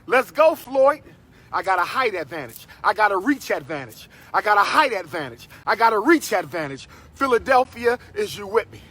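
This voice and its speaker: A man doing a loud, pumped-up hype chant with call-and-response lines. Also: high-pitched, sing-song, a little fast, few pauses, husky.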